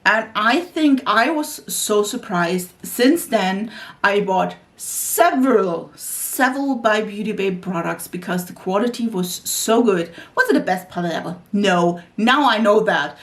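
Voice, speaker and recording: A woman's voice: mid-range voice, expressive, measured pace. A woman talking casually as a beauty YouTuber, chatty and full of filler "like"s. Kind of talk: casual vlog chat about makeup.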